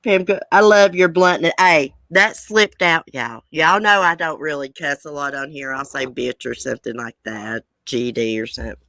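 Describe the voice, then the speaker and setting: A woman's voice: deep voice, moderate pace, hardly any pauses, a bit bright, no echo. A woman hosting a casual live chat with viewers, blunt and profane. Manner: blunt, angry and profane, then chatty. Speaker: livestream host.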